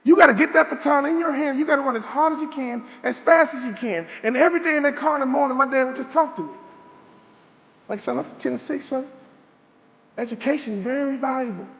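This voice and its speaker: A man's voice: extremely high pitch, fast talker, hardly any pauses, a bit bright, highs cut off, a little hiss or hum. A man giving a motivational speech to a live audience, with an emphatic, repetitive, preacher-like rhythm and call-and-response questions to the crowd. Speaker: motivational speaker. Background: background music.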